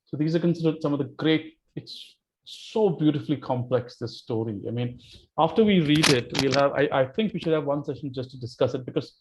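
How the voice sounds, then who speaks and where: A man leading a casual book-club discussion, emphatic and animated, often restarting his sentences. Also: fairly high pitch, fairly quick, noisy background. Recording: muffled online call audio.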